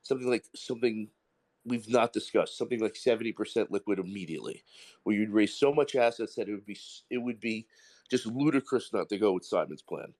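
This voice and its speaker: Here a slightly fast, lowish, somewhat mellow male voice belongs to a caller with a question on a live audio Q&A. He's from the Bronx and rambles on, blunt and emphatic.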